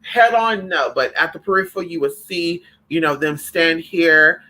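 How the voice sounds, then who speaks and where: A man hosting a spiritual livestream, chatting casually with viewers in an animated, profane way, calling them honey and girl. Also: on the high side, normal speed, poor audio.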